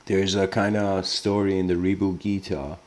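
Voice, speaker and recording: A man's voice: low voice, flat delivery, normal speed, darkish tone. A man giving a casual lecture, rambling and informal with lots of filler words.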